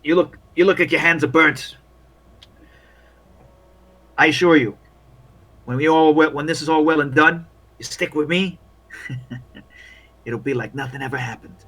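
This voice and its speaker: A man's voice: on the high side, unhurried, long pauses, a bit bright. A man voicing an overly cheery, blinded wounded soldier who talks in a chummy, reassuring way.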